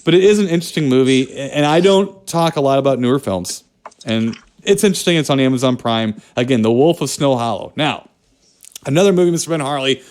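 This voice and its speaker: A man's voice: mid-range voice, animated, fast, darkish tone. A man co-hosting a podcast, chatting about movies in a joking, rambling way. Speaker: podcast co-host. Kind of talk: casual movie chat.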